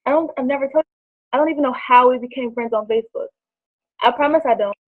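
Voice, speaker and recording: A woman in her twenties telling a personal story, acting out quoted dialogue in lively voices. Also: high-pitched, fast, no room sound. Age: 20s. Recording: dry tinny phone-like line.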